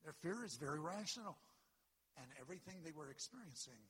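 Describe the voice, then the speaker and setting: Husky, bright-voiced man preaching. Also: a little high, lively intonation, brisk. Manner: dramatic storytelling, swings from hushed to loud. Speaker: pastor. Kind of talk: sermon. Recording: long hall reverb.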